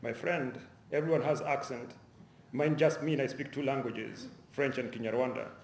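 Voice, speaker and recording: A man reads the part of a poised, aloof professor who answers in calm, clipped, broken English, unbothered and faintly dismissive. The voice sits at an ordinary middle pitch and rings a little in a roomy lecture hall. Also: normal speed, a little hiss or hum, natural voice. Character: composed, aloof male professor suspect.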